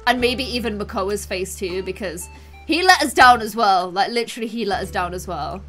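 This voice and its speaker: A woman's voice: on the high side, fairly bright tone. A woman giving playful, dramatic commentary over a video game and often breaking into laughter. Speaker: gaming video host.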